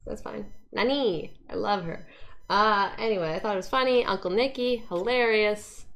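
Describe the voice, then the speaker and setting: A woman's voice: mid-range voice, moderate pace, a bit bright. A young woman from Canada, a cosplayer chatting casually as an interview guest, laughing often and mimicking voices.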